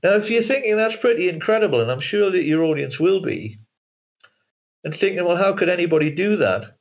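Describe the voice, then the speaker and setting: A man's voice: sits high, animated, fairly quick. A male author and filmmaker talking as an interview guest over a video call, hesitant, with frequent repeated words and restarts. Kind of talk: casual interview talk. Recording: dull lo-fi call audio.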